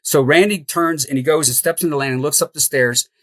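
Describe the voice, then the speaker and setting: A middle-aged man telling a story as an interview guest, animated and laughing as he goes. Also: on the high side, brisk, no room sound. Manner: animated, laughs through the tale. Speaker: podcast guest, house flipper.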